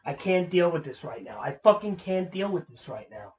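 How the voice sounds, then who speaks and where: A man's voice: high-pitched, sing-song, normal speed, a little mellow, dull audio. A young man streaming a game, ranting with lots of swearing in frustration. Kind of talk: casual gameplay commentary.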